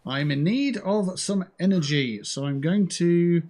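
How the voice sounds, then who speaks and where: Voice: medium pitch, a little slow, a little mellow. A game streamer, chatting casually and jokily to themselves while playing, with plenty of swearing. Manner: chatty, profane, jokey self-talk while looting. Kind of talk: casual gameplay commentary.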